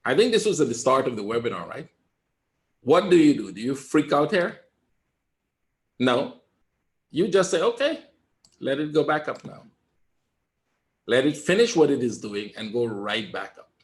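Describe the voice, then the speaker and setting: A man giving live trading commentary in a webinar, calm and reassuring, repeating his points and often asking "right?". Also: medium pitch, moderate pace, pauses often. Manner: emphatic, talks straight to viewers. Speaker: trader teaching a webinar.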